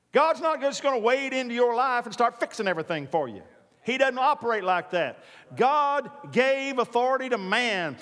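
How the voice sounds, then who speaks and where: A male pastor with a notably high voice delivers an emphatic sermon, hammering key lines through repetition and drifting into folksy stories. His voice rings out with a long reverb, as in a large church sanctuary. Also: a bit bright.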